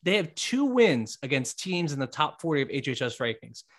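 A man's voice: a little high, normal speed. A man co-hosting a sports podcast in casual chat, emphatic and repeating his points. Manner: animated, emphatic, repeats himself. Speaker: podcast co-host.

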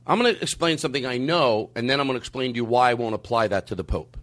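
A man ranting in a heated conversation, emphatic and argumentative, sometimes rising to near-shouting. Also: medium pitch, quick pace.

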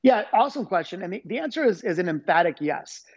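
A man's voice: high-pitched, big pitch swings, fast talker, slightly rough, dry recording, highs cut off. A man being interviewed as an author, talking in an upbeat, enthusiastic way. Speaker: guest author. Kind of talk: energetic interview talk.

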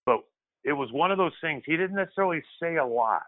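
A man with a voice on the high side talks at a quick pace with lively intonation over a tinny line. He's a former pro basketball player telling stories as a guest in a casual interview, speaking loosely, restarting frequently, and saying "kid" a lot.

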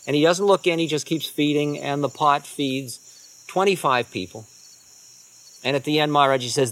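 Guy telling spiritual stories, chill and chatty, slightly high voice. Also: normal speed, slight background noise. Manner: relaxed, conversational, dropping to quiet asides. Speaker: spiritual teacher. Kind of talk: storytelling talk.

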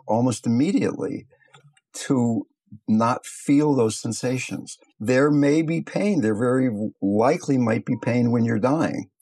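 An older man teaching meditation, telling stories in a calm, unhurried, reflective way. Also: medium pitch, creaky, breathy edge. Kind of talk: teaching talk with storytelling.

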